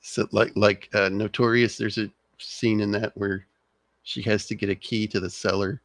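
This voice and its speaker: A man hosting a livestreamed movie podcast, talking in a laid-back, halting way and laughing often. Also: lowish voice, flat delivery, no echo. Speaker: podcast host. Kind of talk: casual movie discussion.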